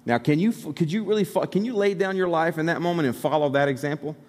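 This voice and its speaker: Pastor from Alabama preaching in a reverberant hall. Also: male voice, a little high, fast, darkish tone. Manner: conversational, emphatic preaching with asides to the congregation. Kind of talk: sermon. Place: church sanctuary. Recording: long hall reverb from the sanctuary.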